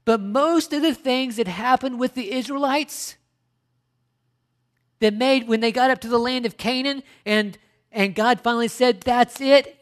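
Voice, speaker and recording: Middle-aged man, pastor preaching, emphatic, rhetorical questions, stop-and-start phrasing. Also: high voice. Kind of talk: sermon.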